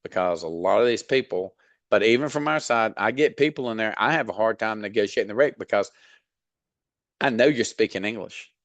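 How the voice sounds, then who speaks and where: Low-voiced Southern man teaching bluntly. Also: fairly quick, fairly bright tone, no room sound. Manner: blunt, folksy, mild cursing, frequent fillers. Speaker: dispatch trainer. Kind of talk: casual instructional talk.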